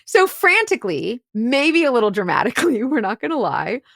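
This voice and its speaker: Woman host and investigator, casual storyteller with a lively, fairly high voice and lots of fillers. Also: fairly quick, gravelly, no room sound, studio quality. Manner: chatty, fillers like "like" and "right?". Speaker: podcast host and private investigator.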